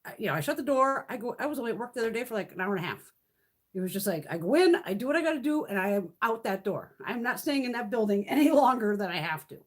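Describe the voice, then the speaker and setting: Animated and fast-talking, with a slightly high voice, the fiftysomething woman keeps her beauty live stream casual. Her chat wanders, she swears freely, and she often bursts into laughter.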